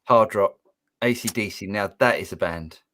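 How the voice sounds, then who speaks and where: A man's voice: lowish voice, moderate pace, bright, forceful tone. A man co-hosting a live music Q&A stream, upbeat and reading out viewer comments and questions. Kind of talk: casual live-stream chat.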